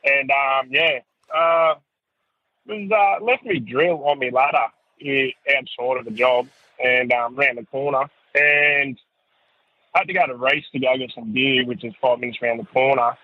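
A man's voice: medium pitch, a little slow. An Australian man leaving a sweary, aggrieved whinge as a caller. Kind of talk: ranting phone voicemail. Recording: tinny phone line.

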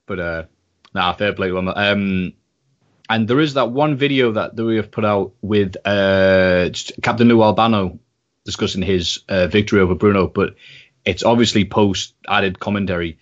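A British man chats as a podcast guest, telling animated, swear-laced stories. His voice sits on the low side. The audio is a little dull and muffled. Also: normal speed. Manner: animated storyteller, swears, slips into impressions. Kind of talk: casual podcast chat.

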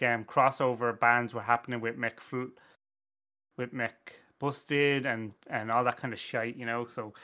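A man's voice: mid-range voice, pushed and bright. A young Irish man hosting a casual podcast, rambling, self-deprecating, laughing and swearing as he chats. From Ireland. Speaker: podcast host.

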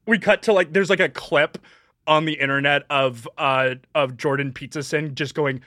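A woman from Canada co-hosting a comedy podcast, playful and giggly with quick wordplay. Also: deep voice, a bit bright, no room sound, studio quality. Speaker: podcast co-host. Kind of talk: casual improv comedy chat.

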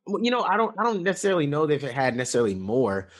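A man's voice: fairly high pitch, big pitch swings, rapid-fire. A man co-hosting a casual podcast, giving his take on a film in long rambling stretches full of restarts and fillers. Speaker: podcast co-host. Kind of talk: casual movie review chat.

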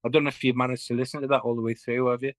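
A man's voice: mid-range voice, level tone, rapid-fire, no echo, poor audio. A man with a Geordie accent, a guest musician chatting on a video call, telling stories with jokes and swearing. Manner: joking storyteller, swears freely, acts out quotes. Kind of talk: casual chat.

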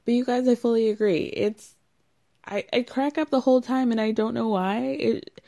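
A woman's voice: medium pitch, dark tone. A young woman recapping a reality TV show in a chatty, sarcastic way, laughing often at the drama. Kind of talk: casual recap commentary.

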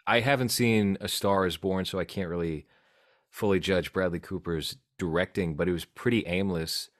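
A man's voice: low-pitched, steady tone, moderate pace, dry recording. A man hosting a podcast, chatting casually about films with dry humor. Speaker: podcast host. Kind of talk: casual film chat.

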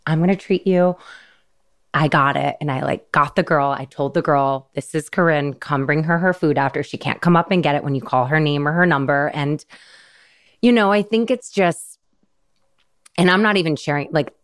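A woman's voice: low voice, normal speed. A woman in her thirties hosting a podcast, telling an emotional story in a casual, earnest way with lots of quoted dialogue. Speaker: podcast host.

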